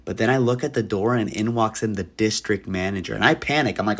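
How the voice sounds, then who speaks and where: A man's voice: fairly low pitch, quick pace. Young man telling a comic story dryly. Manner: dry delivery, jumps into lively acted voices.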